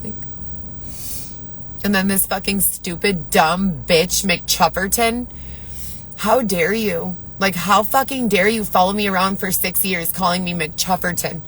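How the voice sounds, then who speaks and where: A woman's voice: mid-range voice, fairly even intonation, measured pace, fairly bright tone, slight background noise, rough recording. A woman ranting on a live video in a distressed, rambling way, swearing often. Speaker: livestreamer. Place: Chicago.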